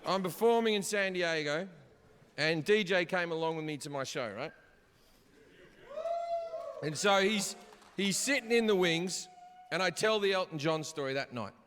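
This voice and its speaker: A man doing stand-up storytelling, swearing freely and shouting his punchlines, recorded live on a theater stage. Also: high voice, moderate pace, pauses often, a little hiss or hum. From Australia. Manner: profane, animated, shouts punchlines. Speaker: stand-up comedian. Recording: live hall reverb, audience ambience.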